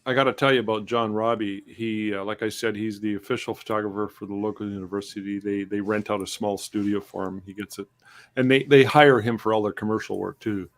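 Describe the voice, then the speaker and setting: A man with a fairly low voice hosts a loose, casual chat over a video call. He jokes and teases his co-host as they talk shop. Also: steady tone, fast. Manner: joking, teasing. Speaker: podcast host.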